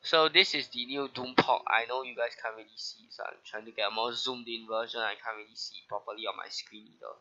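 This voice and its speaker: Nasal, bright-toned man with a flu. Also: mid-range voice, steady tone, a little fast, few pauses, muffled recording. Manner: talks through notes with frequent "uh" fillers. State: sick with a bad flu. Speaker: gaming video host. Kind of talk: casual game update commentary.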